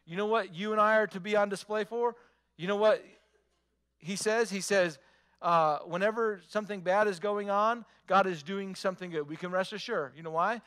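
Bright, high-voiced man preaching. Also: moderate pace, clear, resonant tone. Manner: emphatic preaching with repetition and rhetorical questions. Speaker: pastor. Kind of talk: sermon.

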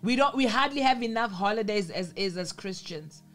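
A woman's voice: mid-range voice, animated, normal speed, fairly bright tone, faint music behind. A woman preaching a sermon in an earnest manner, repeating phrases for emphasis.

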